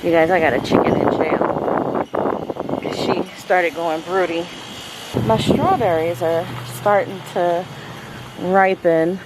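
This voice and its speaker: A woman's voice: on the low side, steady tone, slow pace, pauses often, noisy background. A middle-aged woman chatting casually to viewers from her backyard garden, speaking into a handheld phone camera. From Southern California. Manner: chatty, addresses viewers as "you guys", savoring while tasting. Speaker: homesteading vlogger.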